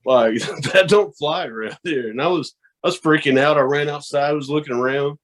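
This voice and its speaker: Man from the South, podcast guest, casual, swears a lot, acts out voices, fairly high voice. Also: moderate pace. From American South. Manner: animated, profane, acts out quoted voices. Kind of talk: casual storytelling chat.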